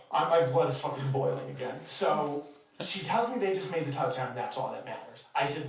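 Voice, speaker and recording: A man with a fairly high-pitched voice speaks fairly quickly, recorded on a distant mic in an echoey room. He's a podcast host telling a story casually, exasperated and heavily profane.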